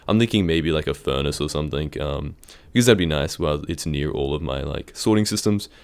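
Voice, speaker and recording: A man's voice: rumbling low, animated, brisk, clean tone. A young man rambling casually over his game footage, hesitant and full of ums. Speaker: Minecraft YouTuber. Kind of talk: casual gameplay commentary.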